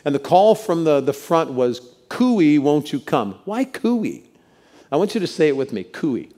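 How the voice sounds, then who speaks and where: This middle-aged preacher speaks at a moderate pace in a fairly high, warm voice that swings widely in pitch. Addressing his congregation in the church sanctuary, he tells stories and leads them in call-outs.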